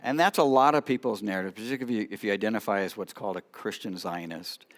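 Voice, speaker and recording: A middle-aged man telling stories in a sermon, lively, with sudden quiet asides. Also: on the low side, fast. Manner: animated storyteller, drops to quiet asides. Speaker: rabbi preaching at church. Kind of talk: sermon storytelling.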